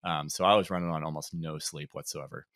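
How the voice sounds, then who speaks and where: Deep-voiced man chatting on a podcast. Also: fairly quick, no echo, clean studio sound. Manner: relaxed, reflective, frequent ums and laughs. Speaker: podcast co-host. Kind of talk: casual chat.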